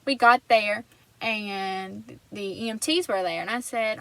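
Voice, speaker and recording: A woman's voice: medium pitch, a little slow, bright, forceful tone, no echo, low-quality recording. A woman vlogger telling a personal story in an earnest, rambling way, often restarting her sentences.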